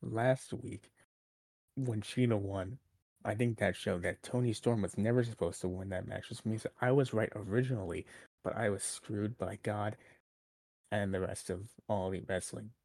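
A young man co-hosting a podcast, joking in a dry, deadpan way. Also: fairly low pitch, normal speed, no echo. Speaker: podcast co-host. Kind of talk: casual chat.

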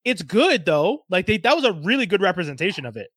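A man co-hosting a casual chat about films, animated and laughing often. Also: sits high, quick pace, no echo, studio quality. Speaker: podcast co-host.

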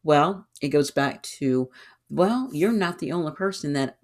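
Animated woman talking through setbacks. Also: sits low, a little slow. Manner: animated, acts out her own inner voices. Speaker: podcast host and tarot reader. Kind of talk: casual solo podcast talk.

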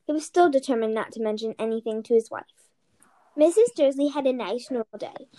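A woman's voice: high-pitched, a little mellow. A woman reading a storybook aloud, stumbling and correcting herself now and then. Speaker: reader.

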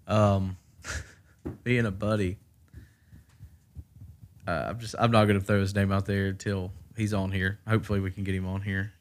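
Profane, animated Southern man telling stories. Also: on the low side. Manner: profane, animated storyteller who acts out quotes loudly. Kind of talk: casual storytelling chat.

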